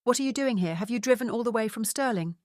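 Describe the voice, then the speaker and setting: A woman voicing a calm, dry-witted male private investigator. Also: very high-pitched, quick pace, no echo, pitched above the performer's own voice.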